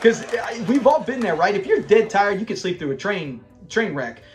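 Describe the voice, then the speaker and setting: A man's voice: high-pitched, sing-song, normal speed, over music. A man casually reviewing a TV episode, eagerly retelling scenes and quoting lines.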